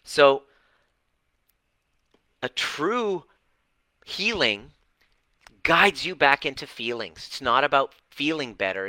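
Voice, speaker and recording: A fired-up man speaking to his online group with a very bright, sharp edge to his voice. He talks bluntly and dramatically, dropping swear words for emphasis. The sound is dry and close, with almost no room echo. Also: mid-range voice. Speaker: relationship and healing coach. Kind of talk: livestream talk to an online group.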